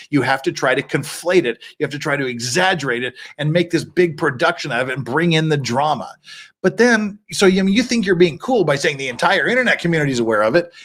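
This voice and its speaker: A man's voice: on the high side, a bit bright. A middle-aged man hosting a legal commentary stream, reading court filings aloud with sarcastic, wry asides.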